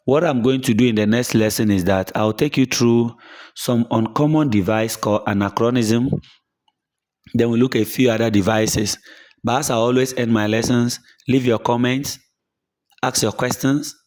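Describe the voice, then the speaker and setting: A man's voice: mid-range voice, steady tone, moderate pace, darkish tone. A middle-aged man teaching literature in a plain explaining manner, repeating his points and acting out example quotes. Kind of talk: explanatory lesson.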